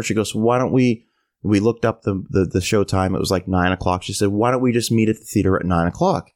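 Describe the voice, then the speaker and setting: A man's voice: lowish voice, moderate pace. A middle-aged man on a podcast telling a long funny story, bouncing into exaggerated voices for the people he quotes. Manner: animated, mimics voices in quoted lines. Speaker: podcast co-host. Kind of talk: casual storytelling rant.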